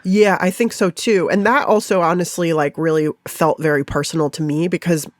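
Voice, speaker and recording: A woman chef and food writer, guest in a casual interview, talking in an animated way with laughs and acted-out quoted thoughts. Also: lowish voice, moderate pace, no room sound, clean studio sound.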